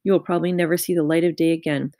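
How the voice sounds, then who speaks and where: A woman's voice: low-pitched, fairly even intonation, very fast, no echo, studio quality. A woman reading aloud, voicing a furious, bullying headmistress who barks and rants insults at a pupil. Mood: raging. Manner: barking, ranting, shouting insults. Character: furious bullying female headmistress, huge and brutal.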